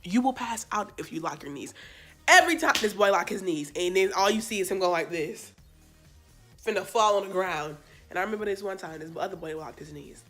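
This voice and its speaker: A young woman casually telling a storytime, chatty and animated, with sassy asides to her viewers. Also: mid-range voice, a little fast. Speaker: vlogger. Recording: faint background music.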